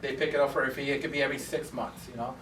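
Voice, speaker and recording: A man's voice: mid-range voice, little pitch movement, rapid-fire, fairly bright tone, slight background noise. A man who owns a barbershop teaches a class in a casual, chatty way and acts out both sides of his stories. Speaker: barbershop owner teaching students. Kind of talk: casual classroom talk with anecdotes. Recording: echoey room from a distance.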